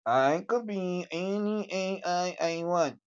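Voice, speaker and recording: A calm, boastful AI robot, as a streamer puts it on, speaks in a slow, deliberate sales pitch. The sound is dull and lo-fi, like a phone livestream. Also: clean tone, natural voice.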